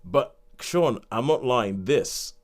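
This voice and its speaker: A man from Nigeria co-hosting a podcast, chatting casually about films in a lively way and laughing often. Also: mid-range voice, slow pace. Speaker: podcast co-host.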